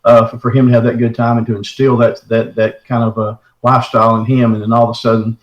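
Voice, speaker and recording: Talking fast at a medium pitch, a middle-aged man animatedly retells an encounter he had, in folksy, casual first-person storytelling peppered with "man." The room is echoey and the audio lo-fi.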